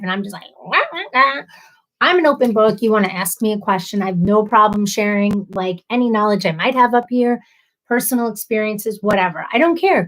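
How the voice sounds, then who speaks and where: A woman's voice: a little high, poor audio. Chatty woman hosting a livestream. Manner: chatty, self-deprecating, apologetic. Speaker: livestream host. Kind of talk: casual livestream chat.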